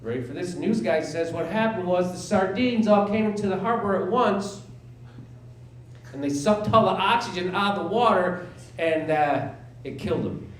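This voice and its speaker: A high-pitched comedian in his forties works a small theater stage, delivering sarcastic, disbelieving bits and voicing characters mockingly at a normal speed. The audio is roomy with audience laughs and a faint hiss or hum.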